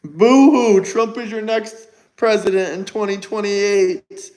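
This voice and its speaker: A man's voice: high voice, level tone, unhurried, rough recording. A man putting on the voice of a whining, sobbing male political critic to mock him. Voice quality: whiny, blubbering.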